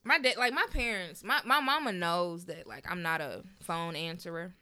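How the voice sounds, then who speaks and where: A young woman co-hosting a podcast, chatting casually with profane, animated storytelling and loud outbursts. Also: lowish voice, normal speed, clear, resonant tone. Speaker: podcast co-host. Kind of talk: casual chat.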